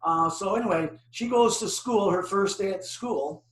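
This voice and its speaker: A man's voice: high-pitched, moderate pace. Older man telling stories in an echoey room. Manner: animated storytelling with questions to the audience. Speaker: driver safety presenter. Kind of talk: presentation to an online audience. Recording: echoey room, distant mic.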